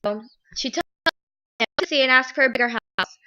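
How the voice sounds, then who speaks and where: A young woman plainly reading a fairy tale summary aloud in a slow delivery. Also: sits high, background noise. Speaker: storyteller. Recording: dull lo-fi home recording.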